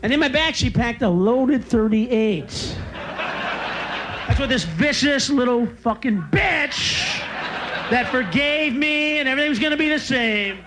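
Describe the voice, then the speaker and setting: Stand-up comic, male, very high and lively voice, ranting with screams; noisy live recording. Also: unhurried. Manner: ranting, bursts into shrieking screams. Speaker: stand-up comedian. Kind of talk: stand-up routine.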